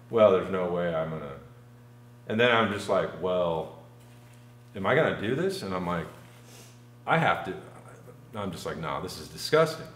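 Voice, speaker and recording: A man's voice: fairly low pitch, fairly bright tone. A man telling a long personal story in casual chat, rambling and full of fillers. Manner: rambling, filler-heavy, frequent "like". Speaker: podcast guest telling a story. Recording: echoey room.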